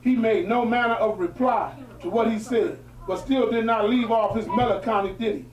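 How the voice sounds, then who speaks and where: In an echoey room and picked up by a distant mic, a high-voiced man who teaches religion reads a historical text aloud and adds preaching commentary. He moves from formal reading into emphatic, colloquial asides at a moderate pace, with a darkish tone.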